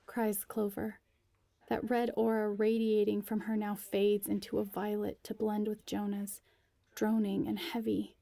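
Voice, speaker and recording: Warm, slow woman narrating a story. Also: mid-range voice, monotone, creaky, no room sound. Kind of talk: first-person story reading.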